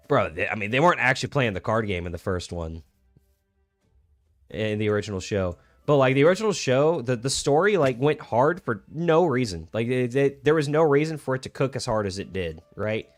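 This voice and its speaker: Young male streamer, low-pitched, relaxed rambling chat over faint music. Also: dry recording. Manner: laid-back, rambling, lots of "like" and restarts. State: hiccuping. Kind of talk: casual gaming stream chat.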